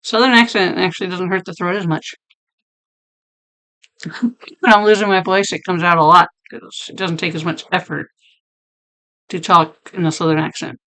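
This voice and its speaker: Woman with a deep, hoarse sick voice. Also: fairly even intonation, normal speed, long pauses, sharp tone. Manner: chatty, laughing, talks to chat by name. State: losing her voice, deep sick voice. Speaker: streamer. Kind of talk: casual chat reading stream chat.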